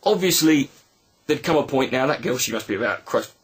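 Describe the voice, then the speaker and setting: A man telling a personal story in a reflective video monologue, halting and earnest with many restarts. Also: mid-range voice, expressive, slightly rough. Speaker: video blogger.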